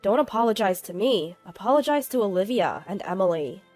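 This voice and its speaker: A woman voicing a caring older grandmother who speaks gently but sternly. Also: medium pitch, lively intonation, a little fast, soft background music, close to an everyday voice. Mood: concerned.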